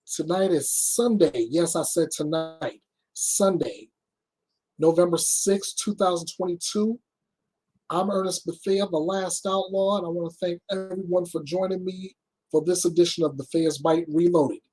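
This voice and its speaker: A man hosting the news speaks in a husky, slightly high voice, blunt and emphatic. He goes through crime reports and offers commentary with nothing softened, delivering it all deliberately.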